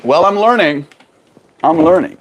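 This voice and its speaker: With a fairly high, animated voice and an unhurried pace, this streamer hangs out at home being playful and silly. He reads viewer comments aloud and replies casually over slight background noise.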